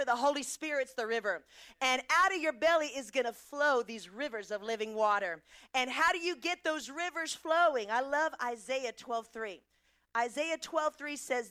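A middle-aged woman preaching a lively sermon, asking the congregation questions and quoting scripture. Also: high-pitched. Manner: animated, asks the congregation questions.

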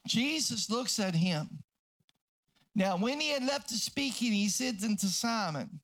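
A man pastor preaching a sermon, fervent and repetitive, sometimes breaking into shouts. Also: sits high, animated, moderate pace.

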